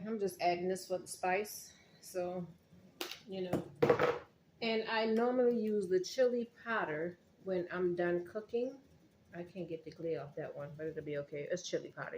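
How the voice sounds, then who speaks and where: Woman, low voice, chatty cooking vlogger, echoey room, faint background hum. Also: a little mellow. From Charleston, South Carolina. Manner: chatty, talks straight to viewers. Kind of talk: casual cooking vlog.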